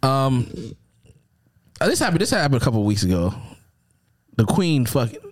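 A man's voice: medium pitch, sing-song, moderate pace. A man co-hosting a podcast in casual banter, joking in profane slang and often laughing. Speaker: podcast co-host.

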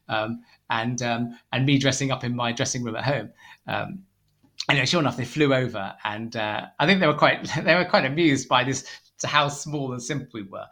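A man's voice: medium pitch, a bit bright. A man, a tweed company founder, telling rambling stories in a casual interview, full of fillers and restarts.

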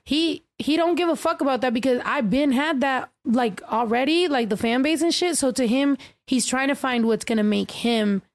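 A middle-aged woman hosts a podcast in loose, profane casual chat, and her voice carries a gravelly fry. It sits a little high for a woman. She laughs easily and swears freely as she talks. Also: moderate pace, few pauses. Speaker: podcast host.

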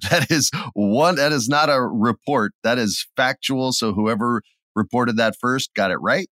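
A middle-aged man co-hosting a podcast, chatting casually and acting out his stories with sudden loud bursts. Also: mid-range voice, a little slow, no echo, clean studio sound. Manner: animated storyteller, acts out scenes with sudden loud bursts. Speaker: podcast co-host. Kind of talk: casual chat.

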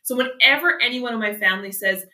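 A woman in her thirties from Canada, a sports medicine doctor telling stories as a podcast guest, animated and quick to laugh. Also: a little high. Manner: animated, laughs often, acts out quotes. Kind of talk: casual podcast storytelling. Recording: roomy echo.

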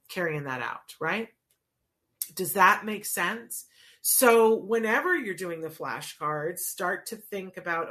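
A woman coaches parents on how to teach their child words, explaining things casually and often checking in with "right?" Her voice is fairly low and a bit bright, and she speaks as a child language therapy coach in a conversational way.

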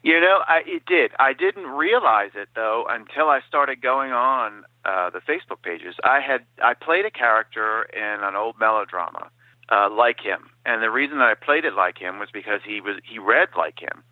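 A man's voice: medium pitch, normal speed, no room sound. Man on a tinny phone line. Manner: animated storyteller who slips into quoted impressions. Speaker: guest, impressionist. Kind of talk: casual interview over the phone.

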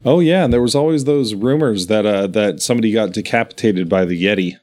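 A man's voice: on the low side, a little fast, a little mellow. A man chatting casually as a podcast co-host, telling stories in a meandering, enthusiastic way. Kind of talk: casual chat.

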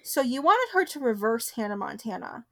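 Young woman, podcast co-host, chatty, giggly, slightly high voice. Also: sing-song. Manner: chatty, giggly, fast riffing. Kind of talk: casual chat.

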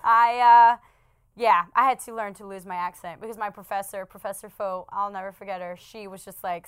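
Woman from the Bronx, podcast co-host, smooth clear voice, animated banter, quick to laugh. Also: medium pitch, no room sound. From the Bronx, New York. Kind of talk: casual chat.

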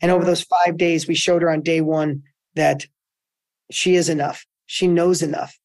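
Energetic middle-aged man telling a story. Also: on the high side, moderate pace. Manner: energetic storytelling with repeated restarts. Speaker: guest entrepreneur. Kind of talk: conversational podcast interview.

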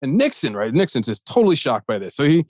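Male podcast host, animated casual storyteller, dry studio sound. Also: medium pitch, quick pace, dry recording. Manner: animated, acts out quoted voices.

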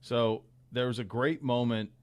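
A man's voice: mid-range voice, steady tone, unhurried, no echo. A man hosting a sports podcast, chatting casually and rambling through his points.

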